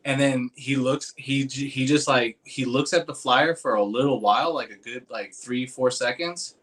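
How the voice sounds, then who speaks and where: A man's voice: medium pitch, moderate pace. A young man in casual chat, telling a long story, acting out the other people's lines with lots of restarts. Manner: animated, acts out quoted voices, rambling with restarts. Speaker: podcast host telling a story.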